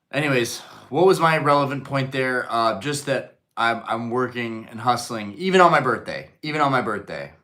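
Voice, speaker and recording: A man's voice: fairly low pitch, a bit bright. A man hosting a live stream in casual chat, rambling with lots of fillers while answering the chat.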